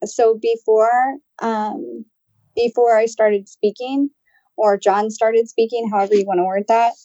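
A woman co-hosting a casual podcast, telling a story in an animated way, full of "like" fillers and the odd swear. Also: a little high, a little slow, dry recording. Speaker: podcast co-host and channel. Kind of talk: casual chat. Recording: dull, dry, lo-fi sound.

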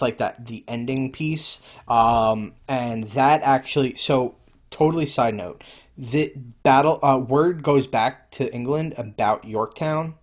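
Casual male podcast co-host, mid-pitched, loose and rambling delivery full of ums and restarts. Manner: rambling, lots of fillers and restarts. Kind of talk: casual history chat.

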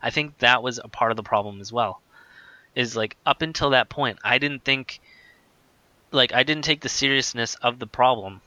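A man's voice: mid-range voice, moderate pace, pushed and bright, no echo, lo-fi sound. A man casually telling a personal story in a rambling way, full of "like"s and restarts. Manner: rambling, filler-heavy with many "like"s. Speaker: guest telling his story.

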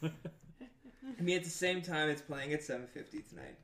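An excitable man in casual conversation, laughing often and breaking into near-shouts. His voice is bright and swings widely in pitch. The room around him is echoey. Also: normal speed. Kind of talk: casual group chat.

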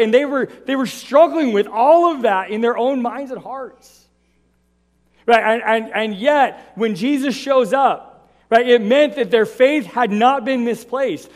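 A man's voice: very high-pitched, in a large hall. A male pastor preaching a sermon in a conversational way, often checking in with his listeners with "right?".

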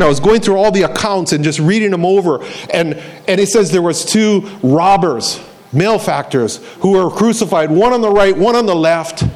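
A man preaching a sermon as a pastor, telling the story and acting out the voices of the people in it, and repeating key phrases for emphasis. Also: high voice.

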